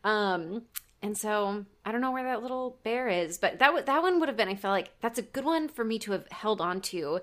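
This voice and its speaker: Her pitch is medium and her tone fairly bright, with lively intonation at normal speed. This woman co-hosts a podcast, chatting casually and sharing a story punctuated by laughs.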